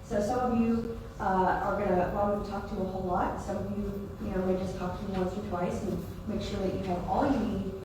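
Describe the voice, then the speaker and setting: A woman's voice: medium pitch, fairly even intonation, a little fast, hardly any pauses. A woman from Mississippi with a Mississippi Southern accent, giving a friendly, chatty presentation to a live audience. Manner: friendly, chatty, self-deprecating. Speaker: presenter at a meeting. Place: large meeting hall. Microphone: room mic from a distance. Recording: echoey hall from far off, noisy.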